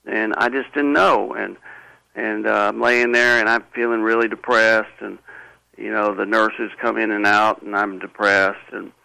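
A man being interviewed, telling a personal story in a halting, earnest way with many restarts. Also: on the low side, level tone, gravelly, bright, forceful tone, smooth, no echo, low-quality recording. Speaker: interview guest.

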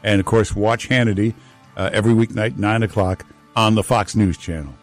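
A man's voice: on the low side, a little fast, faint music behind. A man hosting a call-in radio show, chatting with callers and bantering with his co-host. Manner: teasing, animated banter.

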